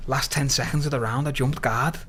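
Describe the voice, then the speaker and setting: A young man with a Liverpool accent, a podcast guest telling stories in a loose, animated, slangy way, swearing and calling people "lad" as he goes. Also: mid-range voice, brisk, slight background noise. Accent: Liverpool (Scouse). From Liverpool, England. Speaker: podcast guest, MMA fighter. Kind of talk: casual storytelling.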